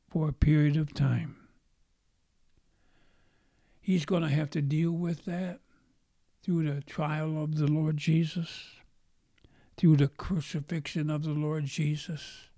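Slow, gravelly-voiced man preaching. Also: fairly high pitch, warm tone, no room sound, clean studio sound. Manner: dramatic, acts out quotes, drops to whispers. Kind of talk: sermon storytelling.

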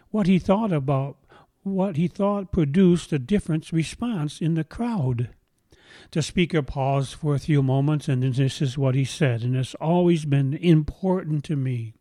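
Man preaching with a dark, dry voice. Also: a little high, no echo. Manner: slow deliberate emphasis on scripture, gentle storytelling. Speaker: pastor. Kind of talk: sermon.

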